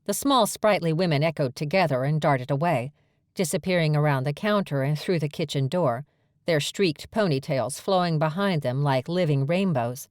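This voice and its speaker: A woman with a low voice reads a first-person romance audiobook at normal speed, clear and steady. It's a dry, close recording without any room sound.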